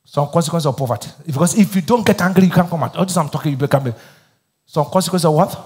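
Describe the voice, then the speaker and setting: A man's voice: a little high, quick pace, darkish tone, in a large hall. A Nigerian man preaching a sermon as pastor, asking the crowd to finish his lines in call-and-response. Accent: Nigerian English.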